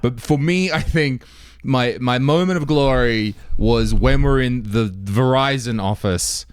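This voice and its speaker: A man's voice: mid-range voice, a little slow, clean tone, dry recording, studio quality. An Australian man co-hosting a podcast in casual chat, telling stories in a joking way. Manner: animated, joking storyteller. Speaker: podcast co-host. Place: home, indoors.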